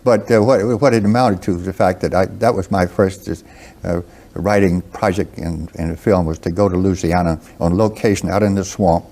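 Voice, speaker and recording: A man in his seventies with a Southern American accent, a guest writer speaking slowly and haltingly in an interview, with many pauses and restarts. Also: sits low, fairly even intonation, mellow. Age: 70s.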